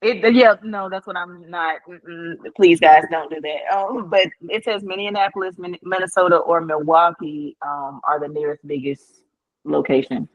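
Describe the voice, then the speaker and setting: A man speaking as a trainee on a live video call, halting and hesitant. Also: fairly high pitch, fairly even intonation, no echo, dull audio. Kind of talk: asking questions on a live call.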